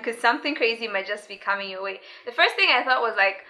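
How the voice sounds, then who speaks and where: A young woman vlogger telling a personal story in a casual, lively way, laughing often and acting out the voices of people she quotes. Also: fairly high pitch, moderate pace, hardly any pauses.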